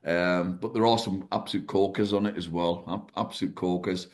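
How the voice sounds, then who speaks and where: A man co-hosting a casual music podcast, in a voice pitched a little low. He speaks in a halting way, stopping and restarting with plenty of ums and you-knows as he gives his views. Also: fairly even intonation. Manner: hesitant, halting with many fillers. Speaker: podcast co-host. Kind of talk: casual music review chat.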